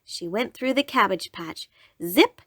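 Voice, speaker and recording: A woman reads a children's bedtime storybook aloud, slowly and expressively. Her pitch lilts up and down a great deal, and the sound is dry and close, as in a small quiet room. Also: dry recording. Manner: slow, lilting, expressive.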